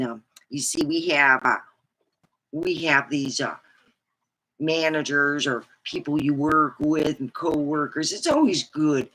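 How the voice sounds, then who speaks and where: Woman livestreamer, middle-aged, slow and rambling, bright forceful tone, lowish voice. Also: poor audio. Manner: rambling and animated, with sudden high whoops. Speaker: livestreamer and comedy chat host. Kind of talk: casual rambling livestream chat.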